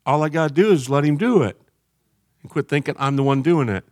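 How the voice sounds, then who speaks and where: A man preaching a sermon in an animated way, jumping between loud shouts and quiet asides. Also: fairly high pitch, brisk, no room sound, studio quality.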